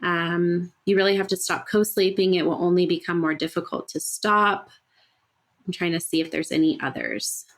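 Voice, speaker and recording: A woman's voice: fairly low pitch, fairly even intonation, normal speed. A woman hosting a solo podcast, talking earnestly and conversationally, thinking aloud with fillers and rhetorical "right?" checks. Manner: earnest, explanatory. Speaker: podcast host. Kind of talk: casual solo podcast talk.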